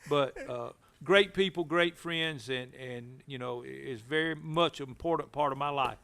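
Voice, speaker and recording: A man reminiscing about his playing days in a slow, reflective way, often repeating words. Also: mid-range voice, vocal fry, bright, forceful tone. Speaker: guest. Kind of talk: casual reminiscing.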